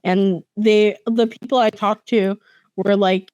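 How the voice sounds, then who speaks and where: A young woman co-hosting a podcast in casual chat, giggly and animated, with quick reactions. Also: medium pitch, no echo. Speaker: podcast co-host.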